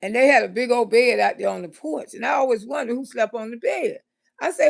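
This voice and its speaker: A woman comedian telling a story live, animated and laughing often, cursing freely. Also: on the high side, a little fast, vocal fry.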